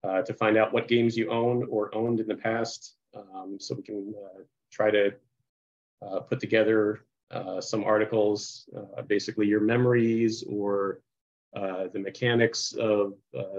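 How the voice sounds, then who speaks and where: A man presenting on a video call, halting and full of uhs and restarts, now and then muttering to himself. His voice sits fairly low. The call audio is a little dull. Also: level tone. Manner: halting, heavy with uh and restarts, sometimes mutters aside. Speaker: committee co-chair. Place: home office on a video call. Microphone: computer mic on a video call.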